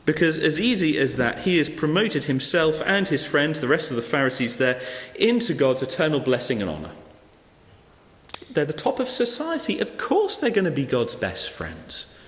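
A man's voice: on the high side, moderate pace. A man preaching a sermon, telling a parable and acting out the characters in it. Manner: animated storyteller acting out quoted guests. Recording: echoey hall.

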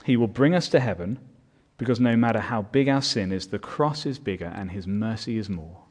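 A man's voice: fairly low pitch, a little fast, darkish tone, slightly rough. A man preaching a sermon as pastor, earnest and building in volume on his key points.

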